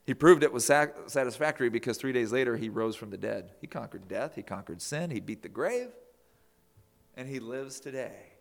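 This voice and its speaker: A man preaching a sermon, emphatic, swinging from loud declarations to near whispers. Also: mid-range voice, animated, moderate pace, creaky.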